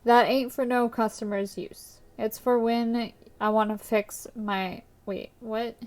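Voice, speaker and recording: A woman voicing a rude, grumpy male motel clerk with a put-on New York-style accent, gruff and sneering. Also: a little high, steady tone, slow pace, darkish tone. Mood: grumbling.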